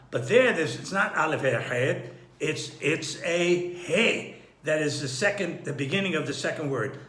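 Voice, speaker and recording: A man giving an unhurried Torah study lesson, thinking aloud with frequent restarts and throat-clearing. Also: on the high side, expressive, bright, forceful tone, reverberant. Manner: clears his throat often. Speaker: Torah teacher.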